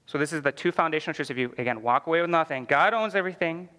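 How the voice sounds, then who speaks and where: A man's voice: a little high, very fast, pushed and bright, long reverb tail. A man teaching a church Bible class in a conversational way, full of "like" fillers and questions to the class.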